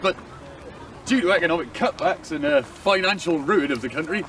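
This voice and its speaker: A man's voice: high-pitched, lively intonation, normal speed, fairly bright tone. A man telling a story to an audience at an outdoor event, playful and theatrical, with comic asides. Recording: distant mic outdoors with crowd noise.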